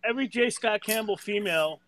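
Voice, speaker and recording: A man's voice: high voice, fairly quick, background noise. A man on a casual comic book podcast panel, talking jokily and tripping over repeated words. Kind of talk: casual chat reviewing comics.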